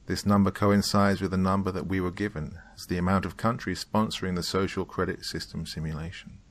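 A man narrating a horror story in a measured, somber delivery. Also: low voice.

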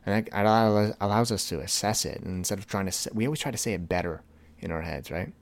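Low-voiced man hosting a casual podcast. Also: fast, no room sound. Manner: rambling, animated, acts out texts in a higher voice. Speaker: podcast host. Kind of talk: casual solo podcast talk.

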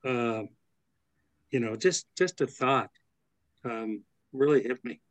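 A man's voice: mid-range voice, takes it slowly, dry recording. A man in a study group reading a passage aloud and then reflecting on it over a video call. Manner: thoughtful, reads aloud then muses.

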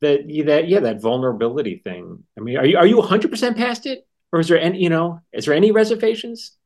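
A man's voice: on the high side, lively intonation, a little mellow. A man hosting a podcast, asking casual interview questions and rephrasing them as he goes. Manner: halting, rephrases questions mid-sentence. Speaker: podcast host.

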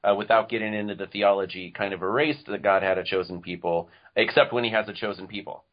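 A man's voice: on the low side, steady tone, quick pace, muffled recording. Dry, sarcastic podcast guest, man. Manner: dry, sarcastic, laughs often. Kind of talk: casual chat.

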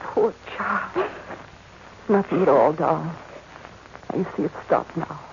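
An actress playing a nervous, tender young governess in a 1940s radio drama, talking in a breathy, anxious way. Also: female voice, sits low, expressive, slow, heavily acted. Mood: soothing. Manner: breathy, anxious inner monologue. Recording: noisy, muffled 1940s radio recording.

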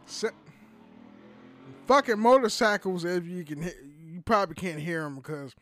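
A man's voice: high voice, animated, normal speed, fairly bright tone. A man hosting a podcast at home, rambling loosely in casual chat and swearing freely. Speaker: podcast host. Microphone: studio podcast mic.

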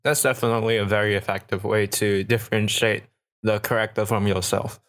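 Lower-voiced podcast man, halting. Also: flat delivery, a bit bright. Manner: halting, with restarts and fillers. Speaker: podcast co-host. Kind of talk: casual chat.

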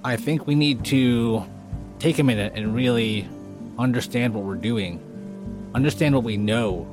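A man voicing a determined male dwarf adventurer in a tabletop game, speaking quietly and earnestly. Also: medium pitch, a little slow, music in the background, natural voice. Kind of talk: in-character tabletop dialogue.

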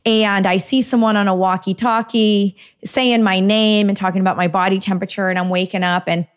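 A woman's voice: medium pitch, fairly even intonation, a little fast, clear, resonant tone. A middle-aged woman, a dietitian and author, telling a personal story in a casual conversation, often laughing and acting out her own past thoughts. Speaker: dietitian and author, interview guest.

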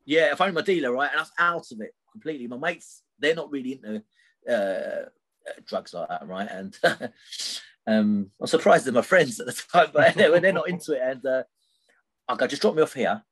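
A man's voice: mid-range voice, moderate pace, fairly bright tone, breathy edge. A middle-aged man tells a personal story as a podcast guest, rambling and often tagging his sentences with "right?". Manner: rambling, tags sentences with "right?", many fillers.

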